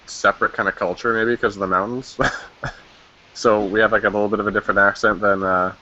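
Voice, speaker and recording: A man from western Canada chatting casually, hesitant and filling pauses with ums. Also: lowish voice. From Canada, Pacific Northwest. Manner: relaxed, hesitant, trails off with ums. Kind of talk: casual chat. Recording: dull lo-fi sound with faint noise.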